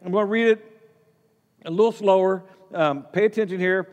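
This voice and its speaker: A man's voice: high voice, steady tone, normal speed, darkish tone, long reverb tail. A man preaching a Bible-teaching sermon in a conversational way, stumbling over and repeating words and asking his listeners questions.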